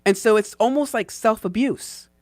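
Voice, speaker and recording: A man's voice: high voice, moderate pace, no room sound. A man co-hosting a casual chat, talking earnestly and bluntly, swearing casually. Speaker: co-host.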